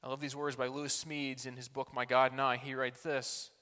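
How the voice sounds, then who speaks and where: A man preaching a sermon as pastor, earnest, moving between loud pleading passages and quiet, intimate ones. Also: medium pitch, flat delivery, a little fast, hardly any pauses. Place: church hall. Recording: long hall reverb.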